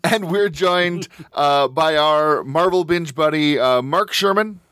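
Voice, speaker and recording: A man hosting a casual podcast chat, often pausing with ums and restarting his sentences. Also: a little high, a bit bright, clean tone, dry recording, studio quality. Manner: hesitant, many ums and restarts. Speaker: podcast host.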